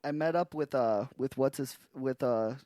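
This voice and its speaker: A man's voice: mid-range voice, normal speed, dark tone, dry recording. A man co-hosting a comedy podcast, rambling and giggling through crude casual chat. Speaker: podcast co-host. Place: podcast studio.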